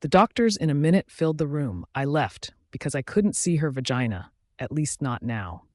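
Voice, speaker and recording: Earnest guy reading a first-person romance audiobook, kinda high voice, dry close mic. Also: big pitch swings, moderate pace, a little mellow, dry recording. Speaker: audiobook narrator.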